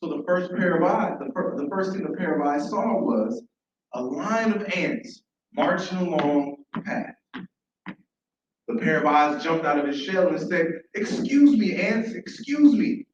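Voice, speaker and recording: A man telling an animated story live to an audience, repeating phrases and asking the crowd questions. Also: fairly high pitch, measured pace, slight background noise. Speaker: storyteller at an open mic. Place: large room at a library event. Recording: echoey, dull, from far off.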